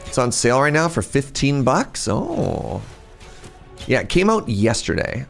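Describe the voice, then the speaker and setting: A man's voice: medium pitch, sing-song, measured pace, vocal fry, faint music behind. A man chatting casually while livestreaming a game, rambling and interrupting himself. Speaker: game streamer.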